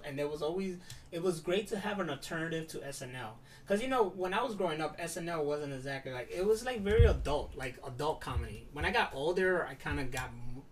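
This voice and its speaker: A man chatting casually, animated and full of fillers, now and then swearing. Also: on the high side, brisk, distant mic, a little hiss or hum. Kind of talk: casual chat.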